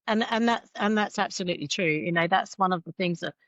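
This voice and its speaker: A woman hosting a podcast interview in a somewhat low voice. She keeps up a steady stream of affirming murmurs and asks reflective questions. The recording is dry and a little dull, as if from a modest mic. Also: fast talker, no echo. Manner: frequent affirming backchannels. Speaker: podcast host. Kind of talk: interview, conversational.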